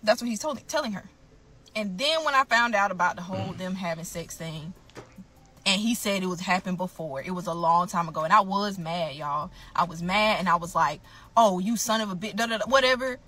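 A woman's voice: fairly low pitch, moderate pace, bright, forceful tone. A woman telling her own story to camera, blunt and emphatic, often calling out to her viewers.

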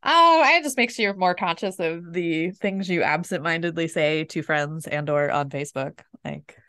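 Podcast co-host: middle-aged woman, low-ish voice, wry and self-mocking, dry booth sound. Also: normal speed, pushed and bright, dry recording. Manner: wry storyteller, self-deprecating. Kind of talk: casual chat.

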